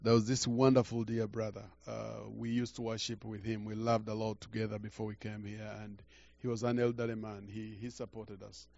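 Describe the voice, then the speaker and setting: An older man preaching a sermon through a story, halting and repeating words, swinging from quiet to loud. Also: fairly low pitch, level tone, vocal fry, highs cut off. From Uganda.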